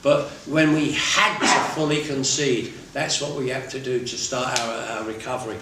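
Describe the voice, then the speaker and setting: Speaking in a mid-range voice with flat delivery at a moderate pace, a recovery workshop speaker gives a blunt, casual talk with laughs and asides. The workshop meeting room is very echoey, the microphone sits far away, and there's slight noise.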